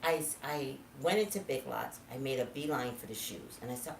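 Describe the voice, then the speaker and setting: A woman telling a story in casual monologue, animated, swinging from low asides to loud outbursts. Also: a little fast, recorded from a distance, slight background noise. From California. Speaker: psychic vlogger. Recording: echoey room, voice from off-mic.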